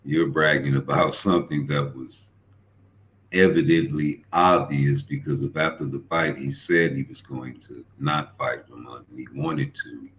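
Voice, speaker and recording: A man's voice: a bass voice, fairly even intonation, measured pace, fairly bright tone, low-quality recording. A man hosting a boxing commentary show, rambling and profane as he tells stories. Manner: profane, rambling, storytelling with repeated fillers. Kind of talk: casual commentary rant.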